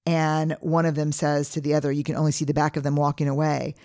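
Low-voiced earnest woman podcast host. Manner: earnest, conversational, slows down to stress calm. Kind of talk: reflective podcast monologue.

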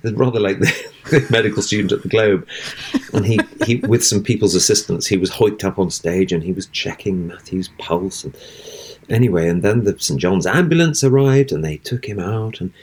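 A man's voice: fairly low pitch, normal speed, husky. A middle-aged man, an actor, telling a long theatrical anecdote and acting out the voices in it. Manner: animated, acts out voices in his anecdotes. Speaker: interview guest. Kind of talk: anecdotal storytelling.

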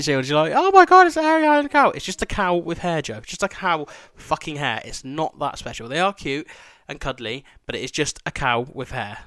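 Male podcast host, fast, profane, rambling storyteller, dry close sound. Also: mid-range voice, a bit bright, no echo. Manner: sweary, rambling, laughing asides. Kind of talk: casual travel storytelling.

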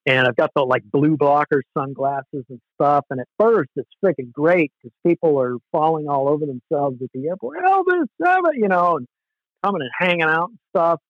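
A man with a slightly higher voice tells a story in a loose, animated way and swears freely. The sound is dry and close, with a dull, lo-fi edge. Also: normal speed, no echo. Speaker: musician guest. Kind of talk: casual storytelling.

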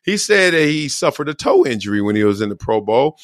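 A middle-aged male host in casual sports commentary, slangy and loose, his pitch swinging up and down a lot as he acts out other people's lines. The sound is dry and close, with almost no room. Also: fairly quick, no room sound. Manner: animated, slangy, acts out quotes in voices.

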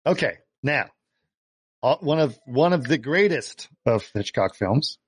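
A man in casual chat about old movies, with a middle-pitched voice. He laughs easily and stumbles through fillers as he talks. The sound is dry and close. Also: animated, a little slow, slightly rough, no room sound. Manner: laughs often, many fillers and restarts. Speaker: podcast co-host.

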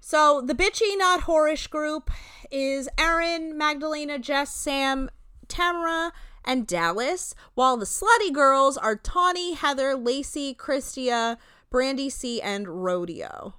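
A woman's voice: high-pitched, slow, bright, forceful tone, dry recording, clean studio sound. A young woman co-hosting a casual podcast, recapping a reality show with lots of fillers and voiced-out quotes. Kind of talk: casual chat.

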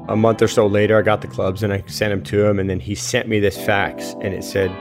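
Low-voiced man recounting an anecdote, faint guitar underneath. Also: fast, few pauses. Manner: relaxed storytelling with fillers and quoted dialogue. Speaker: interviewee, professional surfer. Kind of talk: casual anecdote.

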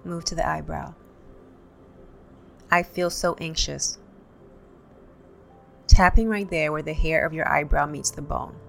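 A woman with a low voice and a touch of vocal fry leads a guided tapping session. She calmly names each tapping point and repeats affirmations for listeners to say after her. Faint music plays underneath. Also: measured pace, long pauses. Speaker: tapping instructor.

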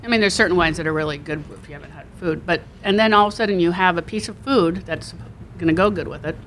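A rambling woman co-host chatting casually in a restaurant, low-pitched and self-deprecating. She restarts her sentences often, with faint background noise behind her. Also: quick pace, fairly bright tone. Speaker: podcast co-host. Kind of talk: casual chat.

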